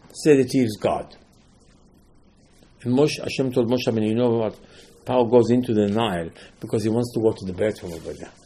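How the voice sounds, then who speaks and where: A man teaching a Torah class, telling the stories with lively acted-out dialogue and sudden swings between loud outbursts and quiet asides. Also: mid-range voice, husky.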